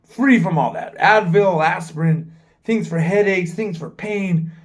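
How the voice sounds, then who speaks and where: Unhurried and sitting high in pitch, this man's voice comes from a travel vlogger in his forties from the United States. He speaks frankly to his camera, recorded on its mic, rambling and cursing freely.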